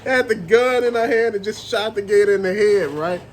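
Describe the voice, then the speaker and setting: A man reviewing a movie in a casual rant, retelling scenes with animated storytelling and calling his viewers family. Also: sits high, moderate pace, slight background noise, poor audio.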